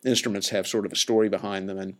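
A man's voice: lowish voice, flat delivery, fast. A man hosting a podcast, telling stories in a chatty, laid-back way with lots of fillers and restarts. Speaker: podcast host. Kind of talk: casual rambling storytelling.

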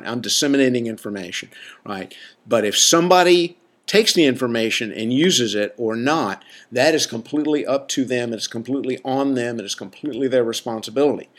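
A man, a coach and teacher, giving a podcast monologue in a blunt, emphatic way, often checking in with a "right?". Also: medium pitch. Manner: emphatic, drives points home with repeated "right?"; blunt, casual, occasional swearing.

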